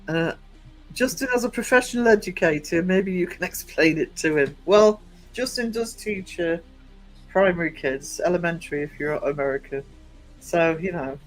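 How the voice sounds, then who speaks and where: A man with a fairly high voice hosts a casual live podcast stream, reading the chat and greeting people. He laughs easily and teases his guests, and faint music runs underneath. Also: normal speed, low-quality recording. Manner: laughing, teasing, greets chatters as darling.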